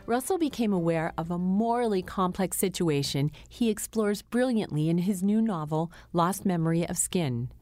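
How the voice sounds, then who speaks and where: A woman's voice: fairly low pitch, normal speed, few pauses, dark tone, no echo, faint music behind. A woman hosting an interview, introducing her guest and asking questions in a polished, formal presenter manner. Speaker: interview host.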